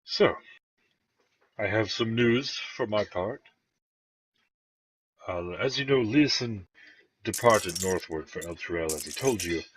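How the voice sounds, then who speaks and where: A man's voice: lowish voice, a bit bright, slightly rough, full character voice. A man voicing a formal, courteous male town official who speaks in old-fashioned phrasing. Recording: dull lo-fi sound.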